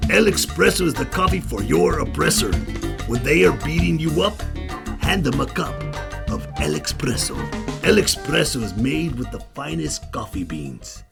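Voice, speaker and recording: A gravelly donkey coffee pitchman. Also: exaggerated voice. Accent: mock Mexican Spanish. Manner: slow, hammy salesman delivery with Spanish words. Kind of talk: mock radio commercial. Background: salsa music.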